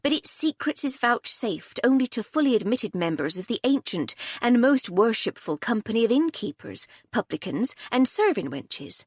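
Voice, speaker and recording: Woman voicing cheeky barmaid, chatty and playful, audiobook, bouncy high voice, bit breathy. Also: very animated, moderate pace, hardly any pauses, no room sound, studio quality. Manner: chatty, playful, dialect grammar. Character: cheeky young village barmaid, cheerful.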